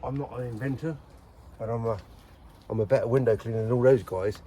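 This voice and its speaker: A man's voice: medium pitch, fairly even intonation, fairly quick, dark tone, slight background noise, low-quality recording. A man, a window cleaner rambling casually to camera while working outdoors. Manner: chatty, rambling storytelling. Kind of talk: casual on-the-job rant to camera. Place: outdoors on a street job.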